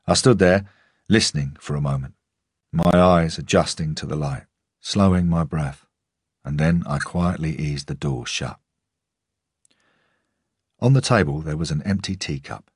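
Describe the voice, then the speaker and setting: A male narrator reads a first-person crime story in a measured, tense way. His voice is extremely deep with a husky edge. The sound is dry and close, with no room around it. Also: dry recording. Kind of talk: scripted audiobook narration.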